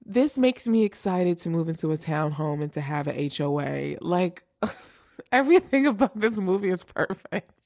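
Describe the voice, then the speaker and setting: Gushing low-voiced woman with vocal fry. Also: lively intonation, moderate pace, a little mellow, dry recording, studio quality. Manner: gushing, repeats phrases for emphasis. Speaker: host ranking holiday movies. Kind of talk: casual podcast chat.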